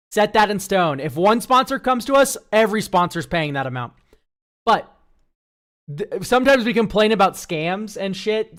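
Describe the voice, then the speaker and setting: A deck-review streamer chatting straight to their live chat in a loose, unscripted way. They rant freely and drop swear words without a second thought. The voice sits at an ordinary middle pitch. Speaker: streamer reviewing viewer decks. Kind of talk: casual livestream chat.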